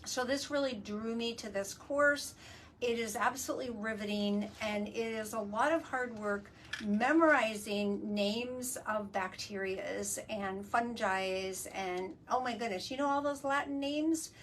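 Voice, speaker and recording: Enthusiastic higher-voiced woman host. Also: measured pace, fairly bright tone. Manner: enthusiastic, explanatory, many fillers. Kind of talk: casual live video chat. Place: work studio. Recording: distant mic, faint ambient noise.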